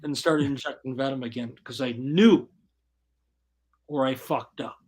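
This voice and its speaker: A man as an interview guest, telling his story bluntly and profanely in casual, animated talk. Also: mid-range voice, measured pace.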